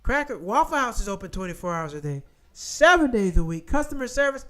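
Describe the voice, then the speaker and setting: A high-pitched man rants his way through the news. His delivery is animated and profane, and he keeps circling back to repeat his points. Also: brisk, hardly any pauses. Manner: animated, profane, repetitive rant. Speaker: commentary channel host. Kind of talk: ranting commentary, reading headlines.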